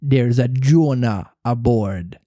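A man's voice: mid-range voice, mellow, dry recording, clean studio sound. A man putting on a scheming pirate captain. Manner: slow, drawn-out, theatrical delivery. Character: scheming grown male pirate captain, cajoling and menacing. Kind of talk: storybook reading voice.

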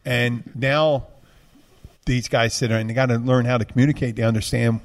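A man, chatting casually about anything that comes to mind. He wanders from thought to thought, restarts sentences and leans on fillers. His pitch sits in an ordinary middle range. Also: fairly even intonation, normal speed. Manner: rambling, many restarts and fillers. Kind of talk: casual chat.

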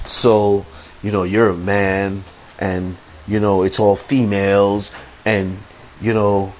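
A man's voice: on the low side, level tone, slow, slight background noise. A man hosting a podcast, telling a story in a casual, slangy, rambling way and repeating his phrases. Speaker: podcast host.

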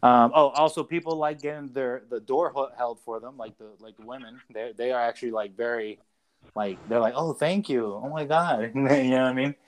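A man's voice: medium pitch, steady tone, fairly quick, clear, resonant tone. Rambling, profane podcast guy. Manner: rambling storyteller, loose and profane, many fillers. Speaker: podcast co-host. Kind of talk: casual chat. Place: away from home, calling in to the show.

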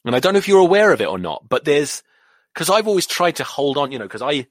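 A man's voice: a little high, sing-song, fast, no echo. A middle-aged English man with a drifted accent, hosting a solo podcast, rambling and swearing while feeling queasy. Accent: English, drifted toward American. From England. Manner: sweary, rambling, self-mocking. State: nauseous, queasy. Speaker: podcast host.

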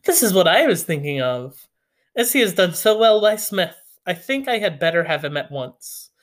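A reader voicing a dim, pompous young gentleman landowner in an audiobook, talking in gushing, repetitive raptures. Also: medium pitch, sing-song, moderate pace, pitched above the performer's own voice, natural voice. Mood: eager.

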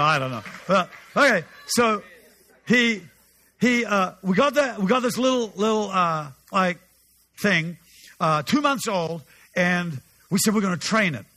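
A male pastor preaching with a humorous, animated storytelling manner, often restarting his sentences. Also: high-pitched. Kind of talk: sermon storytelling.

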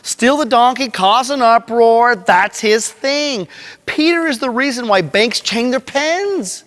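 A man playing an anxious, fussy male disciple who whines and frets out loud, in a comedic skit. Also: very high voice, animated, slow, heavily acted. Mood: fretful. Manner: whiny and nervous, fretting aloud.

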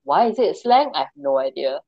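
Low-voiced woman chatting on a podcast. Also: sing-song, brisk, a little mellow, no room sound, lo-fi sound. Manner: chatty, reads sources aloud, laughs at herself. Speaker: podcast co-host. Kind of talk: casual podcast chat. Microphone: remote call.

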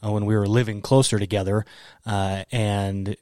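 Podcast guy, lowish voice, lots of uhs, dry close sound. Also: level tone, darkish tone, clean tone, no room sound. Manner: halting, many filler sounds. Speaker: podcast co-host. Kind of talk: casual podcast chat.

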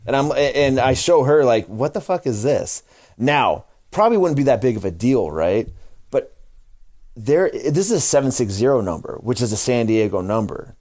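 A man's voice: mid-range voice, animated, moderate pace, darkish tone. A married man co-hosting a podcast, telling a story in laid-back casual chat, with frequent swearing. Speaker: podcast co-host.

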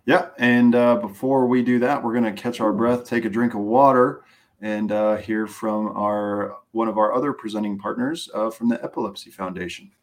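Man, co-host, lower voice, relaxed rambling rundown. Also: moderate pace. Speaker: co-host, racing recap. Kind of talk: casual chat.

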